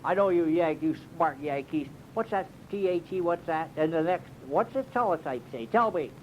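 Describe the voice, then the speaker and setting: A man's voice: fairly high pitch, lively intonation, normal speed, a little hiss or hum. A man doing a comic monologue as a cave tour guide, rambling in a folksy drawl with bouts of mock alarm. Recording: dull lo-fi recording.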